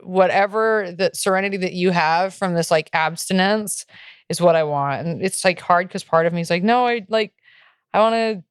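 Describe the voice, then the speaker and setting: Young woman podcast co-host, low-ish smooth voice, dry close mic, candid and profane. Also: moderate pace, no echo. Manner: candid, profane, heavy use of "like". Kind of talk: casual chat.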